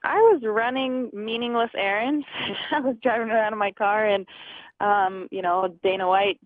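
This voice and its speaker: A young woman in her twenties, a fighter appearing as a guest, chats through a phone interview in a mid-range voice at normal speed. She laughs often and acts out conversations. The recording is dry, over a tinny phone line.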